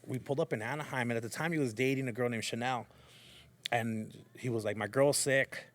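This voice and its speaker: Guy on a podcast telling stories, slangy, acts out the quotes, mid pitch. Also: steady tone, fairly quick, a bit bright. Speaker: podcast guest. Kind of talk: casual storytelling chat.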